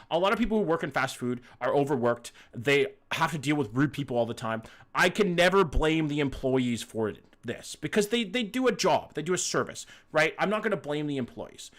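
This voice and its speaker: Canadian man, young, casual streamer, blunt and cussing, somewhat high voice. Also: a bit bright. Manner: blunt, swears freely, reads and answers chat. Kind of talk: casual live-stream chat.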